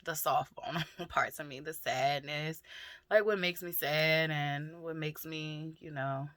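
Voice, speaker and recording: Candid bright-voiced woman, vulnerable talk. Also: low voice, fairly even intonation, measured pace, dry recording. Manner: raw, emotional, swears freely, many fillers. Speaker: vlogger. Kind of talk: candid personal vlog.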